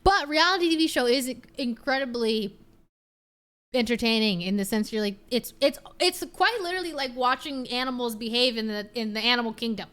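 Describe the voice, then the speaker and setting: Bright, high-voiced young woman streamer. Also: a little fast. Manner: chatty, animated, talks to her pet and chat. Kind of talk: casual late-night chat.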